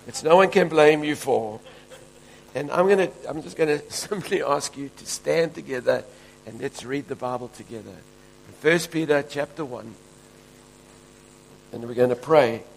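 A man's voice: a little high, unhurried, creaky, long pauses, slight background noise, low-quality recording. A man from Africa, preaching a fervent, emphatic sermon as pastor. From South Africa.

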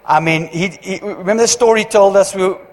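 A man giving church notices as pastor, chatty and joking, with halting restarts. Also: high voice. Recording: long hall reverb.

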